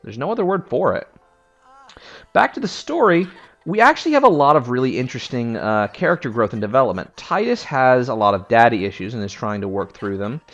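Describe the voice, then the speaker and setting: A man's voice: medium pitch, sing-song, a little fast, a bit bright, muffled recording, soft background music. A man giving casual, opinionated video essay commentary as a game history reviewer. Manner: opinionated and conversational.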